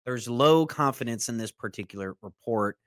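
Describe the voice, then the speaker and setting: A man's voice: medium pitch, normal speed, no echo, studio quality. A man co-hosting a political commentary podcast, reading news excerpts aloud and breaking into casual asides. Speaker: co-host.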